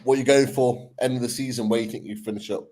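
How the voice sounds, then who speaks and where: A man's voice: medium pitch, fairly even intonation, quick pace, darkish tone, low-quality recording. Easygoing male podcast host. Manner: easygoing questioning. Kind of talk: casual chat.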